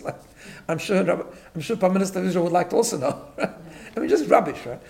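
Emphatic rabbi with a higher voice. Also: male voice, animated, fast, creaky, darkish tone. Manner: emphatic, repeats words, tags lines with "right?". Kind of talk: Torah class talk.

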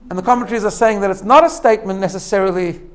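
A teacher's high-pitched male voice races along as he gives a lesson on self-growth. He goes step by step, repeating phrases and checking in with frequent "right?"s.

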